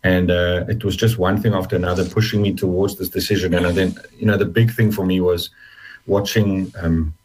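Husky low-voiced man telling his story. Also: level tone, a little mellow, low-quality recording. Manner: halting, repeats words, fast bursts. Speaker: interview guest. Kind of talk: emotional personal testimony.

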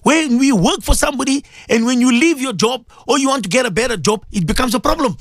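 A man's voice: sits high, expressive, fast, few pauses, dry recording. A man hosting a morning religious radio show, preaching with passion and repeating his phrases in a sing-song way.

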